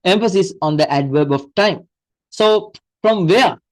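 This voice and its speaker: A man's voice: high-pitched, unhurried, rough recording. A man teaching an English grammar lesson, explaining step by step with frequent fillers, restarts and repeated examples.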